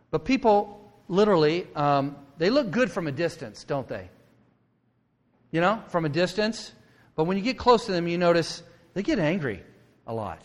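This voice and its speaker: A man preaches to his congregation in an animated, conversational way, slipping into voices for the quotes. His voice sits a little higher than most men's. It rings out with a long reverb, as in a church auditorium. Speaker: pastor. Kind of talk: sermon.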